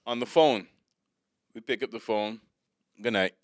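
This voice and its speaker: A man's voice: mid-range voice, normal speed, no room sound, studio quality. A man telling funny stories in casual podcast chat, acting out the people he met. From West Indies. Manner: animated storytelling, acts out voices. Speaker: comedian guest.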